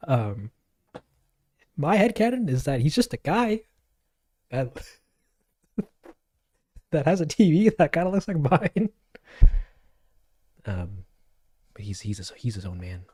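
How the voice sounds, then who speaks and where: A man's voice: fairly high pitch, sing-song, slow, pauses often, dark tone, husky, dry recording. A man chatting casually on a livestream to his viewers, rambling, giggling and poking fun at himself as he answers comments. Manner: rambling, giggly, self-deprecating.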